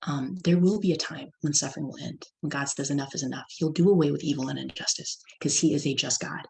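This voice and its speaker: A woman's voice: deep voice, fairly even intonation, fast talker, creaky, darkish tone, rough recording. A middle-aged woman from California giving a personal testimony talk as guest speaker, telling a story and acting out her child's lines.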